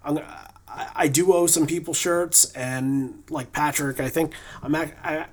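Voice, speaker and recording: A man's voice: fairly high pitch, fairly even intonation, measured pace. A man co-hosting a podcast, talking in a loose, rambling way with many fillers and restarts. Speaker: podcast co-host. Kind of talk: casual podcast chat. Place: lives in New England.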